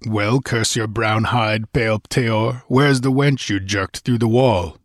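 A man's voice: fairly low pitch, fairly even intonation, takes it slowly, no room sound, clean studio sound. A man voicing a fierce barbarian warrior who growls his words curtly in a storybook reading. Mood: angry. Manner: growling, curt.

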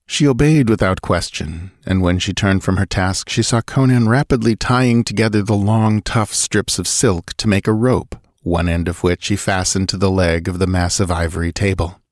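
A man reading an adventure story aloud in a steady, measured narration. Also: low voice, dry recording, clean studio sound. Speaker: audiobook narrator. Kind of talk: scripted narration.

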